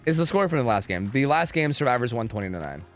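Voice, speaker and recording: A young man streams a game from home, chatting casually with viewers in a fast mid-range voice, with faint music in the background. Animated and profane, he swears a lot, rants energetically and talks to chat.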